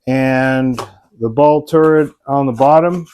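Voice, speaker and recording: A man's voice: mid-range voice, slow, darkish tone, smooth. A man hosting a hobby vlog, narrating an unboxing in a casual, enthusiastic way with frequent ums and uhs. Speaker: RC model hobbyist and channel host.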